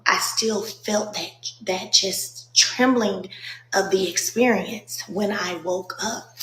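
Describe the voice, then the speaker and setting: A woman tells her followers a personal testimony in a slow, halting way, pausing often and filling gaps with soft ums. She sounds earnest and moved, fighting back tears. Her voice rings in a roomy space over a faint ambient hum. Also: medium pitch. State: emotional, holding back tears. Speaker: faith vlogger.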